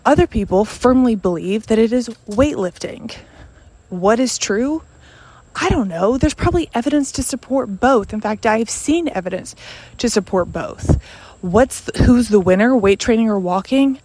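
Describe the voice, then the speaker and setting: A woman's voice: a little high, lively intonation, normal speed, warm tone, a little hiss or hum. Earnest, emphatic woman hosting a podcast. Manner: earnest, emphatic, conversational with frequent "like" and "you know". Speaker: podcast host and sales coach. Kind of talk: casual podcast monologue.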